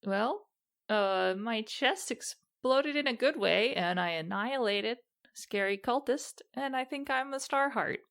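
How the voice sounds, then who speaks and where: A woman's voice: a little high, expressive, measured pace, vocal fry, a bit bright. A woman playing a tabletop game, talking in character in a hesitant, rambling way. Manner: hesitant and rambling, many fillers. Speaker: player. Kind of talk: casual in-character tabletop play.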